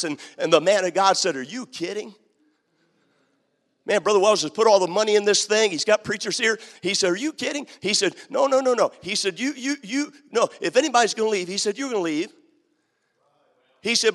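A man delivering a sermon, high-pitched and telling stories as he goes. He hammers his points home with repeated phrases. His voice rings out with a long reverb, as in a big church hall. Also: fairly bright tone. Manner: storytelling, repetitive and emphatic. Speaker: preacher.

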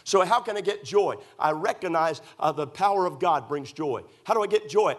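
A man's voice: fairly high pitch, expressive, a little fast, hardly any pauses. A man from Maryland preaching in church, telling folksy stories and asking rhetorical questions with emphasis. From United States (Maryland). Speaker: pastor. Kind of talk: sermon.

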